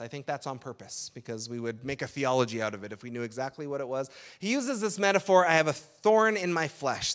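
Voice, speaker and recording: A man's voice: mid-range voice, fairly bright tone, clear, resonant tone. A man giving a sermon as pastor, talking in a conversational way with frequent "right?" asides.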